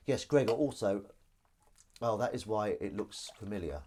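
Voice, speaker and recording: A man's voice: on the low side, lively intonation, fairly quick. A man, hosting a casual live stream from his home kitchen. He talks in a rambling, self-deprecating way, addressing his viewers and his cat while he washes up. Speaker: livestream host.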